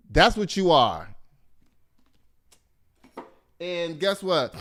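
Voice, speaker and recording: High, smooth man ranting. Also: normal speed. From Texas. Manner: animated, profane and mocking, laughing often. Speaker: host. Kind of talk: casual commentary.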